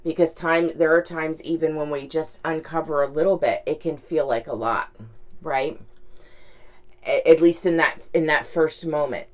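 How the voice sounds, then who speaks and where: A woman's voice: low voice, steady tone, normal speed, darkish tone. A woman talking candidly in a casual reflective monologue, rambling, with lots of "like" and "right?".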